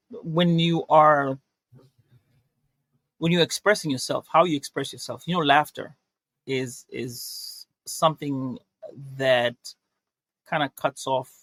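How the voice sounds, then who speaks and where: A man co-hosting a podcast in casual chat, thinking aloud in a halting way. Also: fairly high pitch, a bit bright, dry recording. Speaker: podcast co-host.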